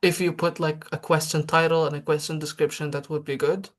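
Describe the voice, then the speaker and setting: Male speaker, video call demo, halting, repeats words. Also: fairly high pitch, level tone. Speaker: guest speaker. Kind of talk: live demo talk.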